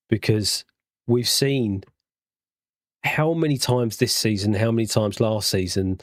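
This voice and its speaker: A man as a guest on a fan chat show, speaking thoughtfully with frequent fillers and pauses. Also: lowish voice, dry recording, clean studio sound. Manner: thoughtful, halting with fillers, sighs.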